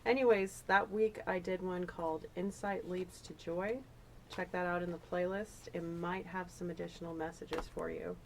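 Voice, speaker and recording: A woman's voice: lowish voice, steady tone, normal speed, slight background noise, rough recording. A woman giving a casual, emotional tarot reading, chatty and rambling with fillers. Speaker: tarot reader.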